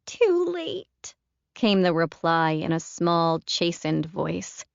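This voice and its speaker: A woman narrating a novel as an audiobook in a measured storytelling delivery. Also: low voice, level tone, gravelly, clear, resonant tone, dry recording. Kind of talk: scripted narration. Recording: dull, dry, lo-fi audiobook recording.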